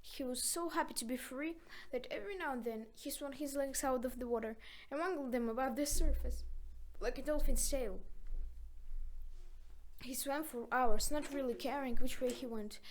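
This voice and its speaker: Woman, high voice, children's storybook narration, expressive and dramatic. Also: normal speed. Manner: expressive, dramatic read-aloud. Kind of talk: children's story read-aloud.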